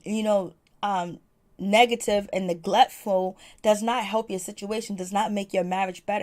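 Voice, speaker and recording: A woman's voice: mid-range voice, darkish tone. A woman talking casually as she reviews a TV episode, full of fillers and repeating phrases for emphasis. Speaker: reviewer of a TV show. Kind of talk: casual commentary.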